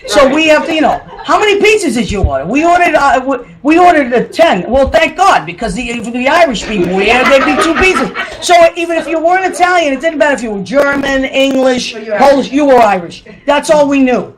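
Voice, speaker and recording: Animated high-voiced woman host. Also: fairly quick, few pauses, a crowd in the background. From Boston area. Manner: animated, joking, laughing often. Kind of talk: lively family storytelling on a show. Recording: noisy room.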